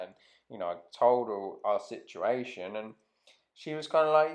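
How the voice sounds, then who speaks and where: A man's voice: fairly low pitch, normal speed. A man telling a rambling, casual anecdote to camera, swearing freely and trailing off mid-sentence. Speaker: vlogger.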